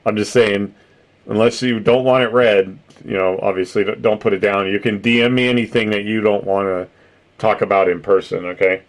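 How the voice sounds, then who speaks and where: A man's voice: fairly low pitch, steady tone, normal speed. A middle-aged man hosting a live stream, chatting casually with viewers, rambling, swearing and laughing often. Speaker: streamer host reading chat.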